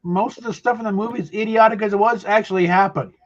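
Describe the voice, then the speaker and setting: A man's voice: high voice, fairly even intonation, fast, lo-fi sound. A man co-hosting a casual chat, rambling and filling his talk with "you know".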